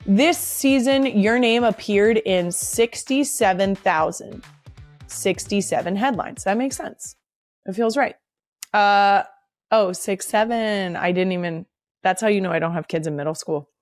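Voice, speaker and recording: A woman's voice: medium pitch, measured pace, no echo, clean studio sound, faint music behind. Blunt, profane woman podcast host. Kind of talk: casual podcast monologue.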